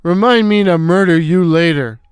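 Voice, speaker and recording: A man voicing a gruff, bossy slapstick bully who barks out insulting wisecracks in a read-aloud story. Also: high-pitched, unhurried, no room sound, clean studio sound, soft background music. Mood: barking.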